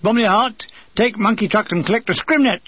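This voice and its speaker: A man's voice: high voice, a little fast, highs cut off, slight background noise, voice pushed up, natural voice. Man doing a curt, fussy army major. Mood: commanding. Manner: curt, commanding. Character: stern fussy army major hunting for trouble.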